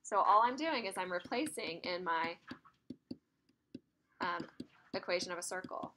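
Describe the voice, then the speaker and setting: A woman's voice: lowish voice, moderate pace, bright, forceful tone. Woman math teacher, casual classroom lecture, chatty, with a faint hiss behind her. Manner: chatty, laughs while telling stories.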